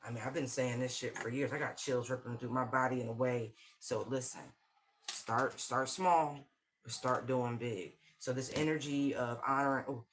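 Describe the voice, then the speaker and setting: With a medium, slightly bright voice, a tarot and channeled-message reader livestreams a reading, talking right at the viewers in an intense, slang-filled way.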